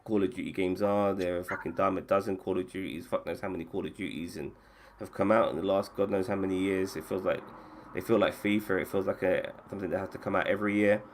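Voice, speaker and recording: Deep-voiced man hosting a casual chat. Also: steady tone, fast talker, a little hiss or hum. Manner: casual, swears freely, restarts sentences. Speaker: podcast host. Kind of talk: casual chat about games.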